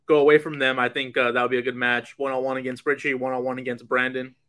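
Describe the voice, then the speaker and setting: A man's voice: medium pitch, little pitch movement, fast, a bit bright. A man hosting a podcast, asking casual interview questions with a hesitant delivery and many fillers.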